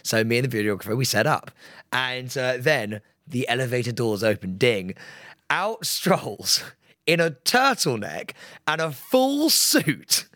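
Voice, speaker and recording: A male podcast co-host tells a story in casual conversation, cursing freely and animatedly acting out other people's voices. His medium-pitched voice is a little slow, captured in a dry, studio-quality recording.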